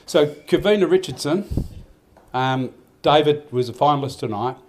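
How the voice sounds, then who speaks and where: A man's voice: on the high side, lively intonation, normal speed, a little hiss or hum. An older Australian man giving a rambling, heartfelt speech at a farmers' awards night, with many restarts. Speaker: event organiser giving a speech. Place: event hall.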